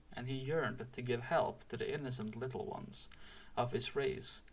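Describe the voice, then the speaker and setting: A man reading a storybook aloud in a slow, deliberate and expressive way. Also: mid-range voice, creaky. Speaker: audiobook reader. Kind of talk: storybook read-aloud narration.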